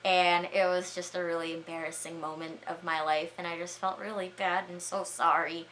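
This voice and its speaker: A young woman vlogger telling embarrassing stories in a chatty, animated way, full of "like" and "all right?" asides. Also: fairly low pitch, moderate pace, hardly any pauses, slight background noise. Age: young adult. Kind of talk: storytime vlog.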